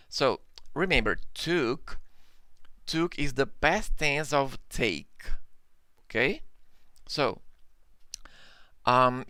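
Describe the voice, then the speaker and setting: A Brazilian man teaches English in a live online class, speaking slowly and patiently. His voice is bright and gravelly, with a clear, crisp tone. He repeats his examples and keeps checking in with a quick "okay?". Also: mid-range voice, no echo. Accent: Brazilian Portuguese. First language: Portuguese.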